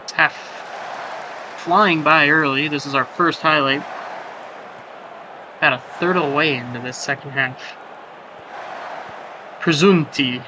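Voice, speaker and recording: A man's voice: a little high, a little slow, pauses often. A man calling a soccer match play by play, jokey and rambling between plays and surging on chances. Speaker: play-by-play commentator. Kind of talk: sports commentary of a simulated soccer match. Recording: background noise.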